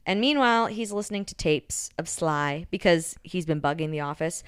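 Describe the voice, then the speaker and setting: A woman with a somewhat low voice runs through a story's plot in relaxed podcast chat. She is chatty and casual, leans on "like" and swears freely. She is recorded close to the mic, dry and without room sound. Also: moderate pace, clear, resonant tone, dry recording. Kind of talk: casual chat recapping a novel.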